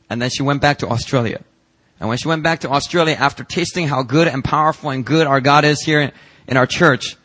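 A male pastor with a fairly high voice preaches a sermon in church, telling stories and reading emails aloud with lively emphasis.

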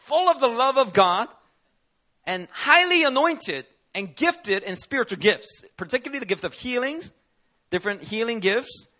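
A man preaching a sermon as pastor at a church service, telling stories with animated energy and acting out the people he quotes. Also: high-pitched.

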